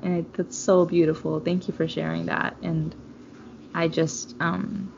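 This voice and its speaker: A woman co-hosts a relaxed podcast chat, her talk emotional and rambling. Her voice is lowish and gravelly. The sound is dull, with faint noise behind it. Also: unhurried. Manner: emotional, rambling, laughs often. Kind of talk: casual podcast conversation.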